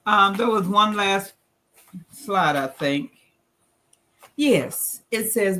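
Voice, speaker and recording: A man with a Southern US accent speaks in a bright, slightly high voice. He presents an earnest, plain-spoken talk at a church gathering and reads verses aloud in the same teaching tone. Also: measured pace, vocal fry. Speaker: guest presenter. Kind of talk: church financial talk with slides.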